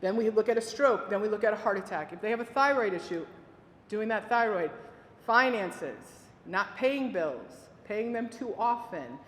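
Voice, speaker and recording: A woman teaching families about dementia care, giving a presentation and telling lively stories with quoted voices. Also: mid-range voice, normal speed, a little hiss or hum. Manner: lively storytelling with acted quotes. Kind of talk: presentation to an audience. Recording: echoey hall with faint ambience.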